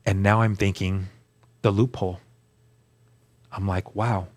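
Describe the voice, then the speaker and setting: A man's voice: sits low, little pitch movement, measured pace. A man recounting his personal testimony in an interview, telling the story earnestly and acting out the dialogue he quotes. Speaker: guest sharing testimony.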